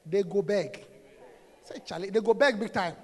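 A man preaching a sermon, shouting and calling out to the congregation in a sing-song way. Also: high-pitched, moderate pace, long reverb tail.

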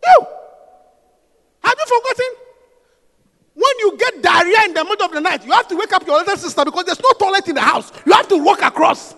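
A man's voice: very high-pitched, animated, fairly quick, pauses often, bright, forceful tone. A male preacher giving an emphatic, teasing sermon in a church. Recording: long hall reverb.

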